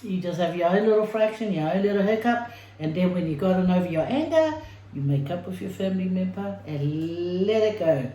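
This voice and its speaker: A woman's voice: on the low side, animated, fairly quick, warm tone, slight background noise. Chatty woman vlogger in an echoey room. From Samoa. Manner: chatty, playful, talking while eating. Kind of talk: casual mukbang chat.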